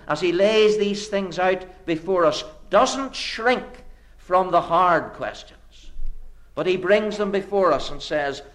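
A man preaches earnestly and rhetorically, building momentum through repeated phrases. His delivery swings between hushed, low lines and sudden emphatic rises.

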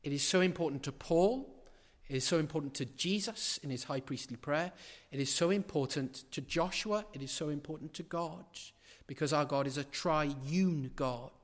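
A man preaching a sermon in a large church, building to loud emphatic peaks with rhetorical questions and repetition, then dropping to quiet asides. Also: a little high, moderate pace, big-room sound.

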